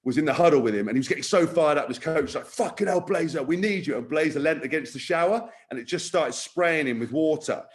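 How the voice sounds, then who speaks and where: A man co-hosting a podcast, telling stories in casual chat, animated and sweary. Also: on the high side, fast, few pauses. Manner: animated, swearing, acting out quotes. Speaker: podcast co-host.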